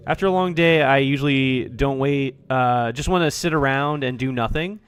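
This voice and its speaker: A man's voice: medium pitch, normal speed, soft background music, close to an everyday voice. A man reading aloud a cheerful young female club president from a visual novel, in a playful, teasing way. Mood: cozy.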